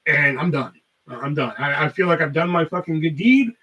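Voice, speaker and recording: A man's voice: on the high side, normal speed, bright, forceful tone, husky, far from the mic, highs cut off. A man hosting a podcast, telling a rambling story in casual talk full of swearing. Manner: rambling, heavy cursing. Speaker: podcast host.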